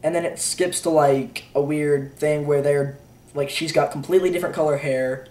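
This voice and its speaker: A man's voice: fairly high pitch, fairly even intonation, normal speed, darkish tone, recorded from a distance. A teenage boy giving a rambling, unsure movie review, full of fillers and offhand "blah, blah, blah" asides. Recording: roomy echo, a bit off-mic.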